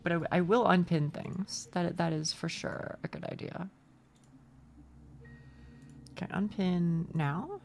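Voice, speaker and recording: A young woman streaming a game live, chatty and excitable, swearing freely and reading out chat. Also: on the low side, a little slow, vocal fry, pauses often, a little hiss or hum.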